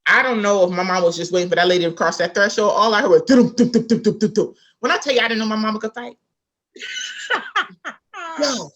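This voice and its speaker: A woman's voice: mid-range voice, fast talker, pauses often. A woman author from South Carolina, telling a family story in a casual interview and acting out the people in it. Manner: animated storyteller, acts out quoted voices. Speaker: author guest.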